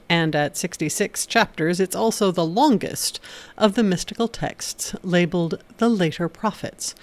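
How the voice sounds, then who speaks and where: Her pitch is on the lower side as she reads scripted narration for an educational video. She explains things steadily, now and then adding a dry, wry comment.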